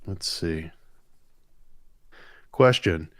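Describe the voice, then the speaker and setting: A man's voice: sits low, drawn-out words, a bit bright, no echo. A man co-hosting a live stream, reading viewer questions aloud and answering with rambling, enthusiastic stories. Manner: chatty, rambling, enthusiastic storytelling. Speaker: comic artist and co-host.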